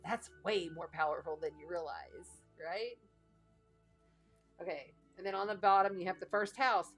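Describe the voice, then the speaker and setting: A woman's voice: on the low side, normal speed. A woman with a Texas twang talks viewers through a card reading in a casual, chatty way. She sounds encouraging and drops playful asides as she goes. Faint music plays in the background. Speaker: astrologer and card reader.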